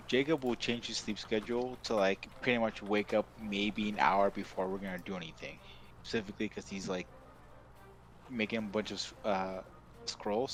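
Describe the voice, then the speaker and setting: A man's voice: on the low side, creaky, slight background noise. A man playing a tabletop game. He speaks hesitantly and jokes at his own expense. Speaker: player. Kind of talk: tabletop role-play.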